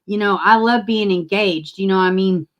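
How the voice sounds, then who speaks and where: A woman's voice: medium pitch, normal speed, highs cut off. A woman hosting a livestream, chatting casually and rambling, with casual swearing. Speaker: livestream host.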